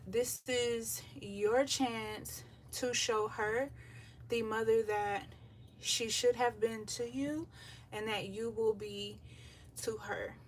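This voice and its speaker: A woman giving a live tarot reading in a relaxed, chatty way with lots of filler ums, out of breath as she talks. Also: a little high. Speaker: tarot reader. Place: home by the beach, windows open. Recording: voice a bit far from the mic, faint surf noise. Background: faint beach waves.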